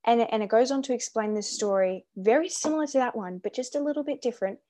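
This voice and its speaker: Woman, higher pitch, soft dark tone, eager talker sharing a quote. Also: fast, slight background noise. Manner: enthusiastic, repeats words, reads a quote aloud. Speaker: Christian ministry guest or host. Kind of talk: casual conversation on faith.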